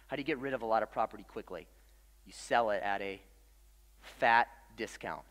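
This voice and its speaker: A pastor preaching a sermon in a loose, conversational way, with casual fillers and dramatic pauses. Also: male voice, on the low side, a bit bright, in a large hall.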